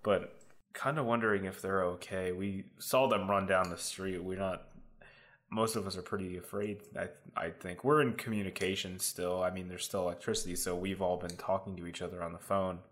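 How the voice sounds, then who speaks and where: A man's voice: sits low, fairly even intonation, moderate pace, fairly bright tone. A man playing a nervous small-town dad. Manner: rambling, nervous. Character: worried small-town husband and father.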